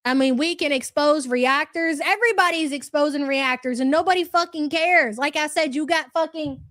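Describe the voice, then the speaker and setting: Woman streamer, high pitch, dry close sound, angry profane rant. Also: fairly bright tone, no echo. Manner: aggressive, swearing, sarcastic. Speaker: livestream commentary host.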